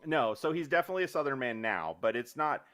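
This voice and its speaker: A man's voice: medium pitch, animated, fast, a bit bright. A man from Idaho, a guest author in a casual podcast interview, rambling and stopping himself often, laughing easily. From Idaho, USA.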